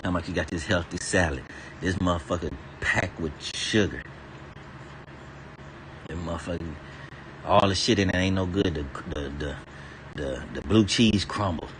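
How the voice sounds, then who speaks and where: Man, lowish voice, loose profane rambling rant, streamer energy, faint background noise. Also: normal speed, pauses often, a bit bright. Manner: profane, laughs between lines, digresses freely.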